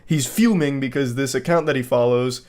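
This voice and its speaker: A man giving comedic reaction commentary with sarcastic, deadpan mockery. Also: mid-range voice, normal speed.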